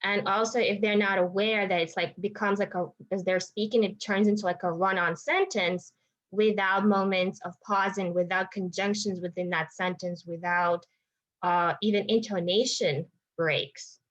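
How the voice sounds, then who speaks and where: A woman's voice: mid-range voice, fairly even intonation, moderate pace, lo-fi sound. Woman talking through speech therapy tips. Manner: thinking aloud with frequent restarts and fillers. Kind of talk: informal teaching talk to parents.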